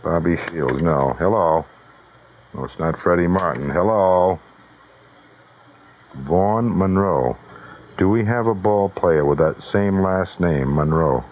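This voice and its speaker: Wisecracking radio DJ man, tinny broadcast. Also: low voice. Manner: brisk, wisecracking, repeats "hello?" to callers. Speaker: radio DJ running a call-in contest. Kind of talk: live radio call-in banter.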